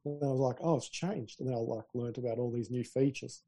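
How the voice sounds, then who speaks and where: This man co-hosts a casual tech podcast, easygoing and talkative, spinning stories and laughing often. He speaks fast in a mid-range, dark-toned voice with little pitch movement.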